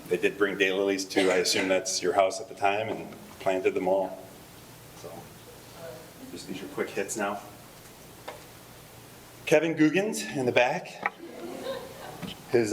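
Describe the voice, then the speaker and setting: At a memorial service, a middle-aged man with a fairly low voice delivers a eulogy full of family anecdotes. He's rambling and conversational, with frequent fillers and laughs, and the poor audio carries a little hiss or hum.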